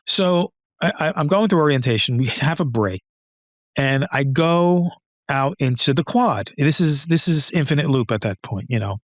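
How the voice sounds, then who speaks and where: Here a retired engineer, an older man, spins conversational stories as a podcast guest. His voice sits on the high side at a normal speed, captured in a dry, clean studio recording, and he laughs frequently while animatedly voicing the other people in his tales.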